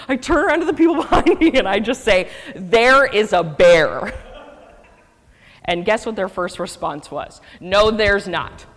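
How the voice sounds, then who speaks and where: A woman telling a lively personal story to a congregation, laughing often and acting out what people said. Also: fairly low pitch. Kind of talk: storytelling sermon. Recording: hall with long reverb.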